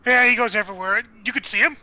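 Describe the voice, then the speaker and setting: A man playing a friendly, easygoing young man in a tabletop game, upbeat and quick. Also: sits high, pushed and bright, dry recording, rough recording. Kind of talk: tabletop role-play voice.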